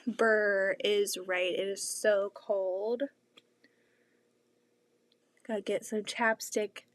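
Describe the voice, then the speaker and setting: A woman's voice: mid-range voice, little pitch movement, very slow, no room sound. A woman hosting a casual quilting live stream, chatting with viewers in her home sewing room, often using "like" as a filler.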